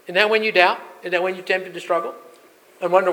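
A man preaching a sermon as pastor, building emphatic peaks and dropping to soft asides. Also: high-pitched, fairly even intonation, fast talker, low-quality recording.

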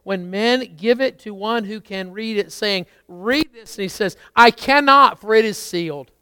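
A man preaching a sermon, rising to strong emphasis and dropping to quiet asides. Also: sits high, moderate pace, clean tone, no room sound. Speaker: pastor.

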